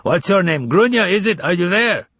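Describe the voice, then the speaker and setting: A rude, portly middle-aged official, played by a man narrating a storybook, who barks demands with suspicion and indignation. His voice leaps about as he blusters. The reading is dry and a little husky. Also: sits high, lively intonation, normal speed, fairly bright tone, no room sound, pitched above the performer's own voice. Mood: indignant.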